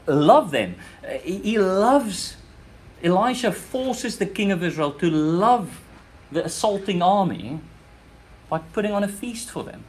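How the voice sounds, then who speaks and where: A man's voice: high voice, animated, a little slow, a little mellow. A man with a South African accent preaching a sermon in church, earnest, often repeating words and restarting phrases as he presses his points. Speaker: pastor.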